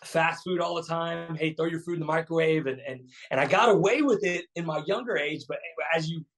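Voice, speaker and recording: A man's voice: on the high side, fairly quick, a bit bright, rough recording. A man in his thirties, a fitness coach telling his story as a guest in a casual, chatty way, full of fillers and repeats. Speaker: keto coach, podcast guest.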